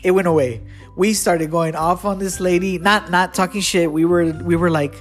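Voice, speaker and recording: A man's voice: sits high, steady tone, moderate pace, faint music behind. A man telling a casual storytime anecdote, rambling and restarting often, laughing at his own story.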